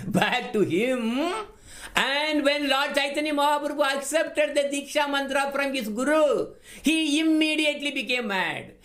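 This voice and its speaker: A man giving a devotional class lecture, emphatic and given to repeating his words. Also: very high voice. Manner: animated, emphatic, repeats words while teaching. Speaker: spiritual teacher.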